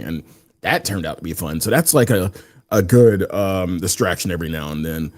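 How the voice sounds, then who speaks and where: Deep-voiced guy co-hosting a game podcast, chill, swears a bit. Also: normal speed. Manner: laid-back, swears casually. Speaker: podcast co-host. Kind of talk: casual gaming podcast chat.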